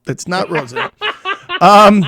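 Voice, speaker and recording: A man's voice: high-pitched, animated, takes it slowly, gravelly, a crowd in the background. A middle-aged man co-hosting a casual comedy chat, rambling with restarts and laughing often. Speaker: comedian co-host.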